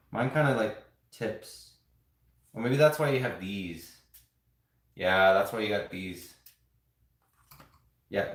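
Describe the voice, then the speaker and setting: A man's voice: lowish voice, slight background noise. A man chatting casually on a live stream, rambling to his viewers as he builds and shows off toy sets. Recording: roomy home room echo.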